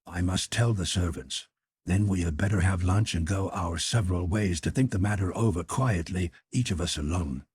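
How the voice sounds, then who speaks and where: A man voicing a composed woman who speaks gently and reasonably to calm others. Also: low voice, moderate pace, breathy edge. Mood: calm, persuasive.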